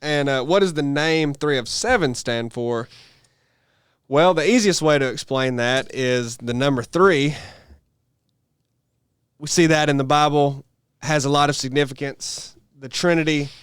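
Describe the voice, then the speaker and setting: A man's voice: a little high, measured pace, smooth, no echo, studio quality. A man, co-hosting a podcast and explaining at length in casual chat, often correcting himself. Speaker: podcast co-host.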